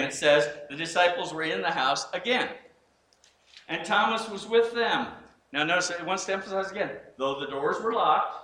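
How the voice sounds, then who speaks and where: Animated male pastor mid-sermon, bright voice, echoey room. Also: on the high side. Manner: animated, acts out scenes, frequent restarts.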